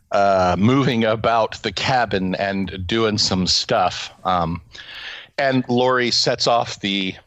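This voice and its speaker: A man's voice: mid-range voice, fairly bright tone, dry recording. A man in his forties hosting a casual comic book discussion, chatty and jokey with rambling restarts. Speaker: podcast host.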